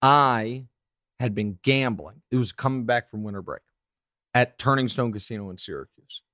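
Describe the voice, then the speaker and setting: A podcast host in his thirties tells a story with quick, lively asides. His voice is mid-pitched and sits close and dry on the mic. He talks in a relaxed, chatty way. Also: no room sound. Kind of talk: casual podcast chat.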